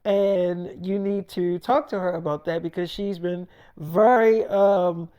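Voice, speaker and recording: A man casually telling a personal story, acting out both sides of the dialogue with animated, emphatic delivery and frequent swearing. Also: high-pitched, slow, clear, resonant tone, lo-fi sound.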